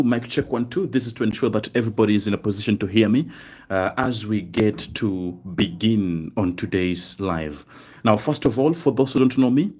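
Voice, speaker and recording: A man teaching a live online German lesson, explaining slowly and checking in with "right?" as he repeats each word. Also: fairly low pitch, a little hiss or hum. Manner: slow, repetitive explaining with frequent "right?" checks.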